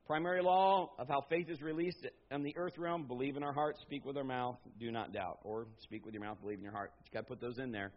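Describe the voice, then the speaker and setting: A middle-aged man preaching a sermon as pastor, swinging from loud emphatic bursts to low, quiet stretches. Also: quick pace, few pauses. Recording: slightly dull lo-fi sound.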